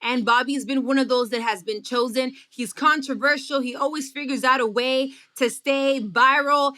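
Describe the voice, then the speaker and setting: Bright-voiced bilingual woman host. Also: sits high, normal speed. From Miami. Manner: animated, effusive, slips into Spanish. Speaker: podcast host. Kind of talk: casual podcast chat.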